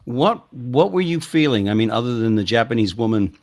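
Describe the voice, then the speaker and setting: A man's voice: medium pitch, animated, fairly quick, darkish tone. A man hosting a radio interview who asks short, encouraging follow-up questions. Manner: brief, encouraging prompts. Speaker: radio host.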